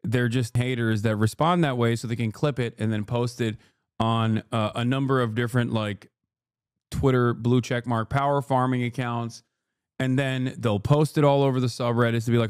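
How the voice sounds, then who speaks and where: A man's voice: mid-range voice, steady tone, normal speed, clean tone, dry recording, studio quality. A male streamer giving live reaction commentary in a profane, sarcastic, ranting way.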